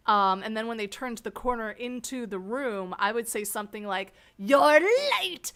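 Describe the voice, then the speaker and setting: A woman hosting an interview, telling rambling anecdotes in a casual, animated way and laughing often. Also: mid-range voice, clean tone. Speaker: host interviewing a fellow scare actor. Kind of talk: casual storytelling chat.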